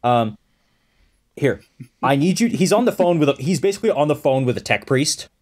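Male podcast co-host, slightly higher voice, jokey and upbeat. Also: lively intonation, fairly quick, darkish tone. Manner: laughs often, upbeat and joking. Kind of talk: casual podcast chat.

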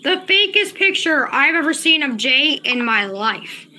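A woman's voice: sits high, sing-song, a little slow, bright, forceful tone, a little hiss or hum. A woman livestreamer angrily ranting at her chat, confrontational and profane, repeating herself. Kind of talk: angry livestream rant to chat.

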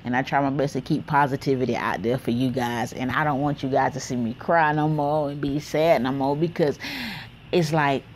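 A woman vlogging outdoors on her back porch, talking candidly and warmly to her viewers in a chatty, heartfelt way. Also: a bass voice, steady tone, normal speed, a little hiss or hum. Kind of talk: casual vlog talk to camera.

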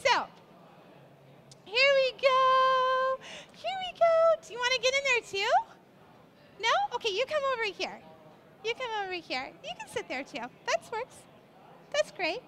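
A woman's voice: extremely high pitch, sing-song, moderate pace, long pauses, slight background noise. A middle-aged woman, a portrait photographer, teaching live on a stage at a trade show, cooing at a baby and coaching the family as she shoots. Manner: directing the family, warm and encouraging.

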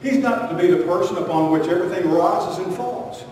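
A pastor preaches with emphatic force, firing rhetorical questions and dropping from loud bursts to quiet asides. His voice sits a little high for a man. He sounds far from the mic, with a long church-hall echo around every phrase. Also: brisk, slight background noise. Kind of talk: sermon. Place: church sanctuary. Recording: echoey hall recorded from far off.

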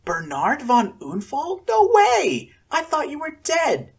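A man voicing an excitable middle-aged mother who gasps and breathes her words in delight. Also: very high voice, takes it slowly, gravelly, voice pushed up, exaggerated voice. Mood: astonished.

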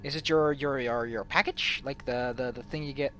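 A man's voice: mid-range voice, fairly even intonation, moderate pace, pushed and bright, slight background noise. A man from the Netherlands, rambling and swearing goofily as he comments on his gameplay. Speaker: let's play host.

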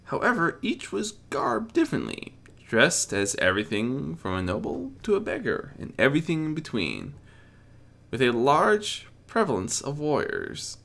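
A man narrating a dramatic reading of a story in an expressive, animated way. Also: medium pitch, normal speed, vocal fry. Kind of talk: dramatic fan fiction reading.

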